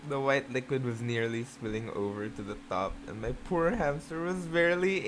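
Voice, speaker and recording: In a casual reaction video, a medium-pitched host reads fan fiction aloud over slight background noise. He shifts between slow, even reading and loud, shocked outbursts full of swearing.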